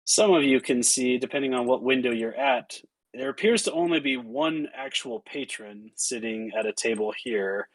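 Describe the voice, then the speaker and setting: A man narrating as game master, casual and halting with many fillers. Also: medium pitch, sing-song, gravelly, no echo, poor audio.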